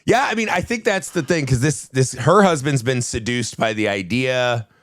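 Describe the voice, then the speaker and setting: A man co-hosting a casual movie podcast, telling stories in a profane, animated way. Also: medium pitch, normal speed, dry recording, studio quality. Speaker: podcast co-host.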